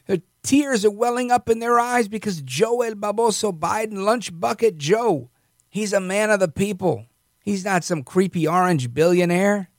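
A man's voice: high voice, no room sound, studio quality. A man hosting a political commentary monologue, sarcastic and mocking in a conversational way. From New York. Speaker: host.

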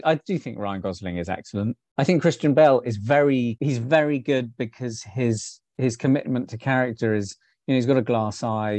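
A man's voice: lowish voice, darkish tone, dry recording. A man co-hosting a film club chat, talking casually and easily breaking into laughter. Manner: chatty, laughs often, backchannels.

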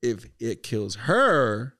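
Male podcast host, mid-pitched, excitable and profane, rambling storyteller. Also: extremely slow. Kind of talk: casual movie review chat.

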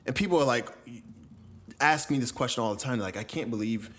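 A man's voice: medium pitch, lively intonation, brisk, a bit bright. A man with a mid-range voice hosts a casual parenting podcast. He talks loosely and informally and fills his sentences with small words as he goes. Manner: casual, loose, many "like" fillers. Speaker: podcast host.

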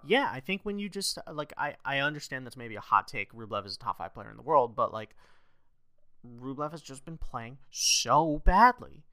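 A man co-hosting a sports podcast in casual chat, animated, laughing often and leaning on "like" as he talks. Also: medium pitch, normal speed, dry recording. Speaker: podcast co-host.

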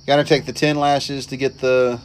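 Man, mid-pitched, relaxed, short replies, faint noise. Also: moderate pace. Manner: laid-back, brief replies, reads out the match list. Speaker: podcast co-host. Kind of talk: casual wrestling recap chat.

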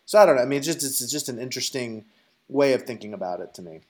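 A man's voice: medium pitch, animated, quick pace, darkish tone. Musing man, podcast co-host. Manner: thinks aloud with many fillers and restarts. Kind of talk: casual sports chat.

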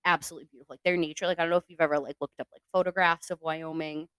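A woman's voice: low voice, fairly even intonation, racing, a bit bright, clean tone, no room sound. A young woman hosting a casual podcast, chatty and swearing freely, with lots of fillers. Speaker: podcast host. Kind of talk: casual true-crime podcast chat.

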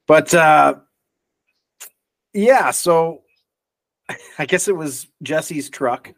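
A man's voice: a little high, expressive, extremely slow, fairly bright tone, dry recording. A man co-hosting a podcast, recapping movie scenes in an easygoing way with frequent chuckles. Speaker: podcast co-host. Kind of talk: casual movie review chat.

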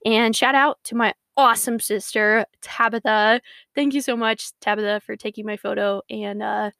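A woman's voice: medium pitch, fairly even intonation, moderate pace, gravelly, fairly bright tone, smooth, no room sound, clean studio sound. A young woman hosting her faith podcast, talking in a bubbly, earnest, rambling way. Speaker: podcast host. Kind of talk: casual Christian podcast monologue.

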